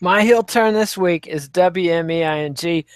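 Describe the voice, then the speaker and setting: A man with a high-pitched voice talks on a podcast, offering wry commentary that meanders with plenty of fillers. The sound is dry and close. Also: moderate pace, clean tone, dry recording. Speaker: podcast co-host. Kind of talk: casual chat.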